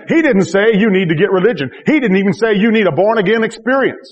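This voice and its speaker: A man's voice: high-pitched, lively intonation, fast, few pauses, long reverb tail. A man pastor preaching a sermon to his congregation, emphatic and repetitive, with joking asides. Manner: emphatic, repeats key phrases with rising intensity. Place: church.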